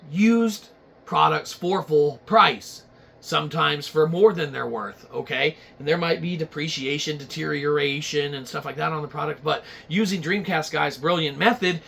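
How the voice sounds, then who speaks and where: A man's voice: fairly high pitch, creaky, a bit bright. A man hosting a comedy show, ranting crudely and rambling with lots of swearing. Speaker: show host. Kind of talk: profane comedic rant.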